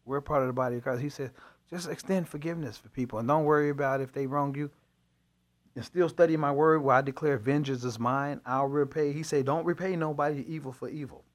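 Animated man telling testimony. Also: fairly high pitch, fairly quick. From Chicago. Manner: animated storyteller, dialect grammar, laughs often. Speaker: pastor, co-host. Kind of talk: testimony in faith talk show.

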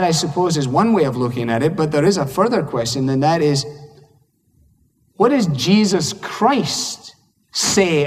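A man's voice: on the high side, long reverb tail. A man with a Scottish accent preaching a sermon in a conversational, humorous way, acting out little dialogues. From Scotland.

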